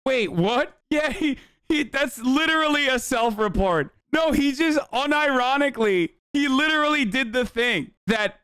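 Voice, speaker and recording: A man's voice: very high-pitched, lively intonation, a little slow, bright, forceful tone, clean tone, dry recording, clean studio sound. A man hosting a livestream, giving loose, profane, chatty reaction commentary. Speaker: livestream host.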